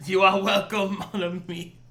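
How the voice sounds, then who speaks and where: A man's voice: sits high, flat delivery, measured pace, sharp tone. A man voicing a sly, courteous male gator informant with a put-on French accent and theatrical manner. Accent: fake French.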